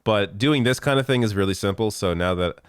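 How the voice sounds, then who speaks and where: Laid-back low-voiced man hosting. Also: brisk, clear, resonant tone, dry recording, studio quality. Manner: laid-back, chuckling, self-deprecating. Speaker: host. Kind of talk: casual chat reading viewer comments.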